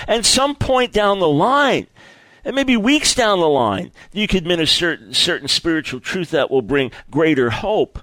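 A man preaching a sermon in an earnest, lively way, often repeating words and stumbling as he builds his point. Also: a little high, normal speed, no echo.

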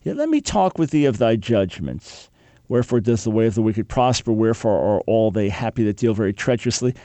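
An older man in his sixties teaching a sermon, reading Bible verses and acting out dialogue with God in an animated way. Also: on the low side, fairly quick, dry recording.

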